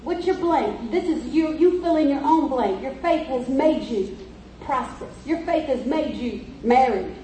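High-voiced woman preaching, echoey church. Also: lively intonation, a little slow, dark tone, distant mic, slight background noise. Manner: emphatic, repetitive, storytelling. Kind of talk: sermon.

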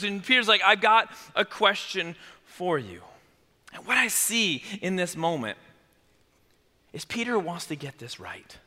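A man preaching a sermon as pastor, conversational and animated, dropping to quiet emphasis at key points. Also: very high-pitched, long reverb tail.

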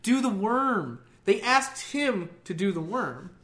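A man's voice: high-pitched, takes it slowly. A young man casually telling a long story, swearing and laughing a lot. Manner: profane, laughs often, animated.

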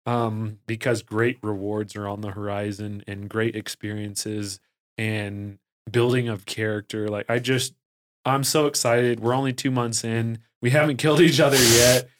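A man talking as a podcast guest in a casual, energetic way, full of fillers and restarts. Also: on the low side, a little slow. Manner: energetic and excitable, heavy use of "like" and fillers. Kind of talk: casual conversational storytelling.

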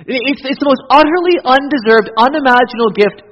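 A man preaching a sermon. His high, husky voice rises and falls with lively emphasis, then drops to near-whispered intensity. The sound is dull and lo-fi, with long church reverb. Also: a little fast. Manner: animated, swings from loud emphasis to hushed intensity. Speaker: pastor.

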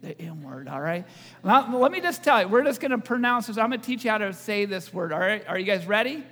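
A man's voice: sits high, expressive, fast, sharp tone, in a large hall. A male pastor giving a sermon, joking with the congregation and asking them questions. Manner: joking, audience-engaging preacher. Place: church.

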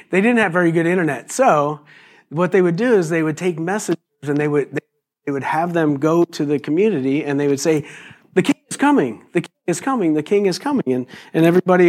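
A pastor delivers a relaxed, humorous sermon, often laughing and breaking into voices for the people he quotes. His voice sits slightly high for a man. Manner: lively, jokey, laughs often, acts out quotes. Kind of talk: conversational sermon.

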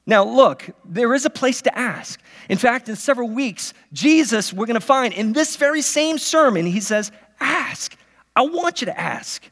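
A man's voice: very high-pitched, expressive, moderate pace, hardly any pauses, fairly bright tone. A man in his thirties, a pastor, preaching a sermon in a conversational, story-telling way with many restarts. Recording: long hall reverb.

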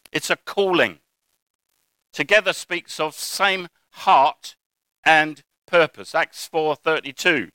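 A man's voice: on the high side, pushed and bright, dry recording, poor audio. A man preaching a sermon in a conversational way, mixing scripture with anecdotes.

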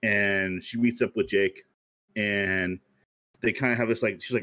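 A man hosting a podcast, pitching a story in casual chat, rambling and laughing at himself. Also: fairly even intonation, unhurried, sharp tone. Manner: rambling, many fillers and self-amused laughs. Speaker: podcast host pitching a movie idea.

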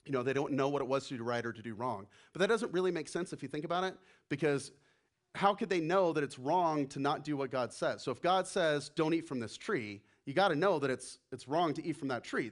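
In a fairly high pitch and at a brisk clip, this pastor gives a lively sermon. He acts out quoted voices and lowers to a hush for emphasis.

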